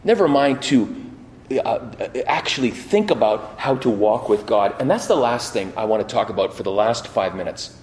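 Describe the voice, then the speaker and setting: A middle-aged man preaching a sermon, telling stories with lively quoted voices and frequent restarts. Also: lowish voice, moderate pace, a little hiss or hum. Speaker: pastor. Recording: echoey hall.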